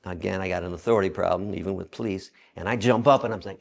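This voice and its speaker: A man's voice: low-pitched, quick pace, vocal fry. A man being interviewed, telling a story and acting out the voices of the people in it. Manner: animated storyteller, acts out quoted voices. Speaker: interview guest.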